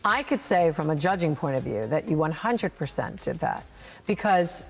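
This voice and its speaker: A woman's voice: low voice, very animated, moderate pace. A woman host and competition judge giving emphatic, encouraging feedback in a casual interview. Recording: roomy reverb with faint music.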